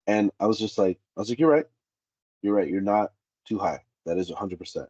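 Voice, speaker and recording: A man with a very low, husky voice talks through job-site stories and acts out what people said. The sound is dry and a little muffled. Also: brisk, dry recording. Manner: animated, acts out quoted dialogue. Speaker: safety specialist guest. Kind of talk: candid interview storytelling.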